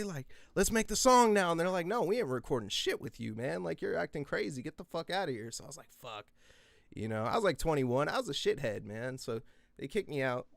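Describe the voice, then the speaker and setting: Dude in his 20s rambling thru a crazy story, swears a lot, mid pitch, dry mic. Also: no room sound. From US West Coast. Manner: rambling, profane, animated, yelling out quoted lines. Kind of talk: casual storytelling chat.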